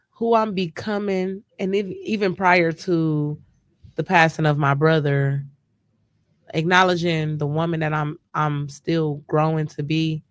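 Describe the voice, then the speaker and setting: A woman's voice: low voice, fairly even intonation, slow pace, no room sound, clean studio sound. A grieving woman talking casually in a live stream chat, emotional and rambling, often restarting her sentences. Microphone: live stream mic.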